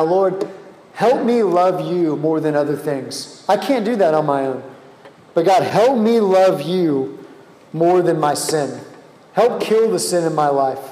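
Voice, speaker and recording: A young man giving a casual youth sermon and leading prayer, telling stories with sudden animated jumps in his voice. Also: a little high. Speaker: youth pastor. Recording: echoey hall with long reverb.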